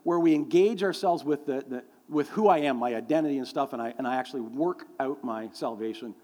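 A man's voice: medium pitch, fairly quick, warm tone. A middle-aged man preaching a sermon, telling folksy stories with lots of fillers and acting out the voices of people he quotes. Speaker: pastor. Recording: long hall reverb.

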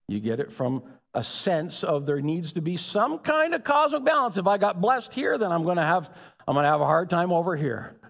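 A man's voice: sits high, sing-song, fairly quick, creaky. A man preaching a sermon as pastor, building to emphatic peaks and calling out to the congregation. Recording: long hall reverb.

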